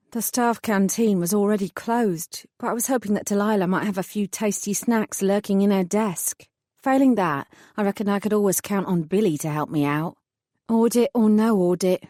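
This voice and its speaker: A woman reading a first-person fantasy audiobook in a wry, measured storytelling manner. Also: mid-range voice, mellow, no echo, clean studio sound. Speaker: audiobook narrator.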